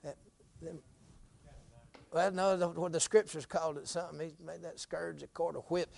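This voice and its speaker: High-voiced preacher, fiery. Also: male voice, steady tone, normal speed, gravelly, no echo. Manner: folksy, drops to low murmurs then climbs to shouting. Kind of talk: fiery sermon.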